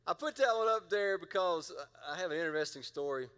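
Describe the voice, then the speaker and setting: A middle-aged man from the American South preaches a sermon, pitched a little high for a man. He keeps it loose and conversational, joking with his congregation and getting them to call out responses. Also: animated, fairly quick, few pauses, fairly bright tone, clear, resonant tone, big-room sound. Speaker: pastor.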